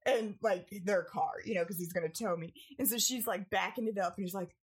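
A young woman in casual storytelling on a podcast, animated and acting out family members as she goes. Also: brisk, breathy edge. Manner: animated, acts out family members with big pitch jumps. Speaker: podcast co-host.

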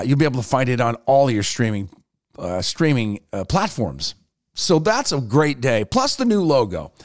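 A man hosting his own podcast talks in a relaxed, rambling way, his voice sitting a little high and bouncing up and down as he tells a story. The sound is dry and close, with no room behind it. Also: dry recording. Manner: animated storytelling, quick pitch swings. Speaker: podcast host. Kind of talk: casual solo podcast talk.

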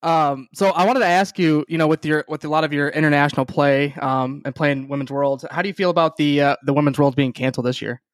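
A man's voice: fairly high pitch, steady tone, fast talker, few pauses, no room sound. Man asking questions in a dry room. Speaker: podcast host. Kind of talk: casual interview chat.

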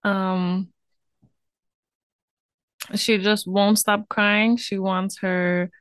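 A woman guest, a mother, describing her toddler's behavior in a casual, halting way. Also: mid-range voice, flat delivery, a bit bright, clean tone, dry recording. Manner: recounts a toddler's meltdown in plain, halting detail. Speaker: guest parent. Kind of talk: casual chat.

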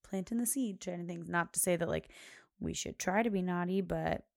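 A woman's voice: fairly low pitch, normal speed, vocal fry, darkish tone, dry recording, studio quality. A young woman hosting a podcast, telling a rambling, casual story full of fillers. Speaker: podcast host. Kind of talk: casual chat.

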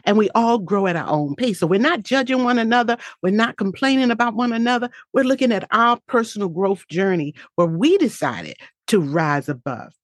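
A woman's voice: mid-range voice, dry recording, studio quality. A woman giving a heartfelt, faith-filled motivational talk in an earnest, reflective way.

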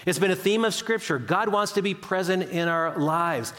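An older man delivers a sermon in a warm, conversational storytelling way, his voice sitting a little high for a man. He acts out quotes with sudden jumps up or down in pitch. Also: expressive, moderate pace. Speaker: pastor.

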